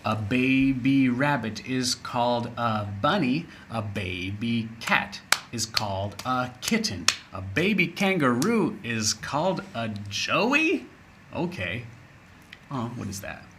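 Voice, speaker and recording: Brief: man, teacher reading a children's story, expressive, explains slowly. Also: medium pitch, background noise. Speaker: English teacher. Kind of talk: reading a story aloud to young learners.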